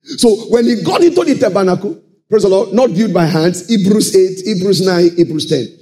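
A man preaching a sermon, calling out to the congregation and swinging into shouted and half-sung phrases. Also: high-pitched, normal speed. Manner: animated call-and-response preaching, sudden shouts and sung phrases.

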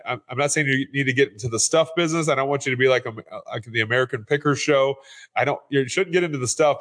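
A man's voice: medium pitch, a bit bright. A man who invests in real estate, a podcast guest telling stories in an earnest, conversational way and often repeating words as he starts a sentence. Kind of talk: conversational storytelling.

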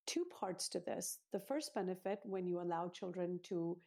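Woman guest on a parenting interview, kinda husky, mellow dark tone, explains things step by step like a teacher. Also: on the low side, lively intonation, moderate pace. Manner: earnest, teacherly, lays out steps.

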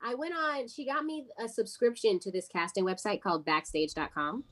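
An American actress talks through her career as a guest in a relaxed interview. Her voice sits at a middle pitch for a woman. She keeps slipping into the voices of the people she quotes. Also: normal speed. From United States. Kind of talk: casual interview storytelling.

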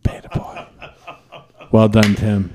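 A man's voice: lowish voice, level tone, slow, warm tone. A man co-hosting a casual podcast, teasing and crude in his banter. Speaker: podcast co-host.

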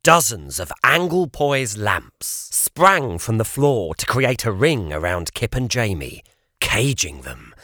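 Slow, expressive male storyteller. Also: on the low side, no room sound, studio quality. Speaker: narrator. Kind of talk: audiobook narration.

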